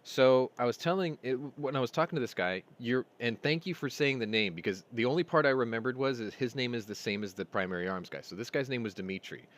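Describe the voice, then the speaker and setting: A man's voice: medium pitch, quick pace, hardly any pauses, fairly bright tone. A man hosting a casual weekly chat show, telling long, rambling stories and acting out both sides of conversations. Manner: rambling storyteller, retells dialogue. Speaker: host.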